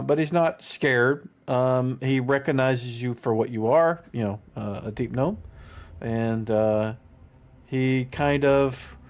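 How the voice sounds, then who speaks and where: A man's voice: mid-range voice, a little mellow. A man narrating as game master of a tabletop game, rambling loosely with many "you know"s and restarts. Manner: rambling, lots of fillers and restarts.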